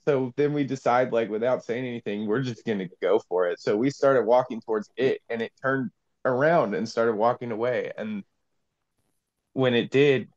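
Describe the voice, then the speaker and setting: A man's voice: mid-range voice, moderate pace, darkish tone, muffled recording. A young man telling a story in a casual, rambling way full of fillers, heard over a video call. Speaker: panel guest.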